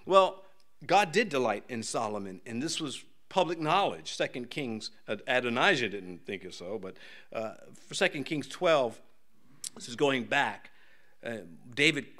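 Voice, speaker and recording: Folksy, animated older male pastor. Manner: folksy, jokey, acts out voices in high pitch. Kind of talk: casual sermon with jokes. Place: church.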